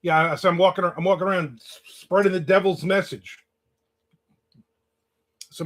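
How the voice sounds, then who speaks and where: Man, host, casual livestream chat, storytelling, slightly high voice. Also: normal speed, long pauses. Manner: storytelling, reads out chat comments. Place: in the American South.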